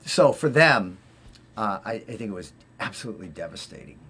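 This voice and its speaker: A former Olympic figure skater with a Boston accent, appearing as an interview guest, tells long, rambling anecdotes full of fillers and restarts in casual storytelling. His voice is fairly low and bright with a breathy edge, swinging widely in pitch at a fairly quick pace.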